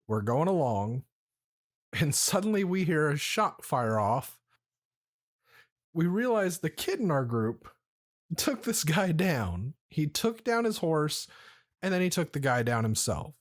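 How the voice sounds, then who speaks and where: A man's voice: a little high, very animated, measured pace, pauses often. A man hosting a podcast, telling a story in a rambling, profane, laid-back way while drinking. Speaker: podcast host. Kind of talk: casual storytelling chat.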